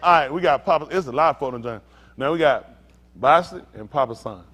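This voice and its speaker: A man delivering a teaching sermon with a lively, sing-song delivery that rises and falls constantly. His voice sits slightly high, and he keeps drawing listeners in with questions in relaxed, everyday speech. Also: fast. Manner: animated, calls out to listeners, laughs and shouts at times; casual vernacular, asks "y'all understand?". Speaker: pastor.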